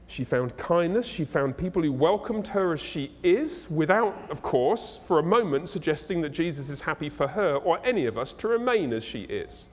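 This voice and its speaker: A male pastor preaching a sermon in a conversational, animated and humorous way, in a church. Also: fairly high pitch. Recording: echoey hall.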